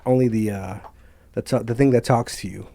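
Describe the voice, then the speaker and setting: A man's voice: mid-range voice, fairly even intonation, brisk, creaky, dark tone, no echo. A man hosting a casual podcast, rambling and loose, with the odd swear. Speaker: podcast host.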